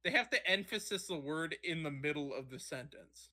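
A man's voice: a little high, moderate pace. A young man in crude, casual chat with friends, swearing and joking. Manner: swearing, joking, laughing, animated.

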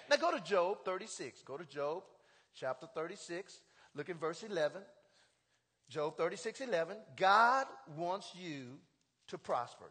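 High-voiced preacher shouting in a hall. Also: male voice. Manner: call-and-response preaching, builds to shouts. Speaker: pastor. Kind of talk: sermon. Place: church sanctuary.

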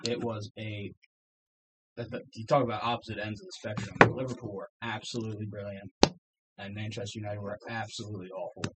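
A man casually recapping football results on a podcast, relaxed and full of ums. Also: on the low side, fairly quick, very noisy. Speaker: podcast co-host. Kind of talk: casual sports chat.

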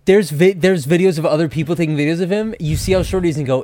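A man co-hosting a podcast in casual chat, animated and quick with asides, laughing often. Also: a little high, no room sound. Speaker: podcast co-host.

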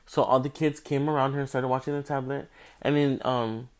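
A man's voice: medium pitch, a little fast. A young man telling a rambling, profane story in casual storytime style, tired and yawning. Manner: profane, rambling, animated, swears constantly.

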